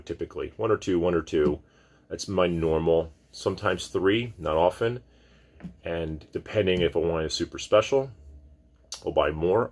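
Male wine vlogger, very low, husky tone; relaxed, rambling delivery. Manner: relaxed, rambling, many restarts. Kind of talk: casual wine tasting talk.

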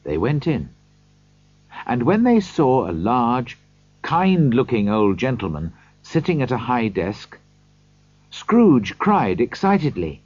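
A man reading a storybook aloud slowly for learners, in scripted narration. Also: mid-range voice, wildly swooping pitch, a little mellow, dry recording, highs cut off. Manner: slow, clear reading for learners.

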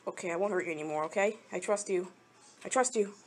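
Soft background music plays beneath a young woman's fast, medium-pitched voice. As a mobile game channel host, she gives rambling, casual commentary while playing, talks to the characters, and is easily frustrated.

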